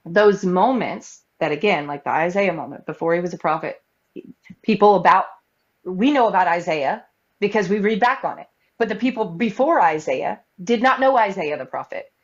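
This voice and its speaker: Woman debater, lively storyteller, slightly muffled stream audio. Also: mid-range voice, moderate pace. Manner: animated storytelling, acting out quoted voices. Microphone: live-stream mic.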